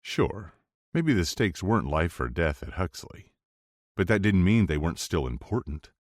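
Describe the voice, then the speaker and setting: A man narrating a first-person romance audiobook in a low, steady, intense delivery. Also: no echo, studio quality.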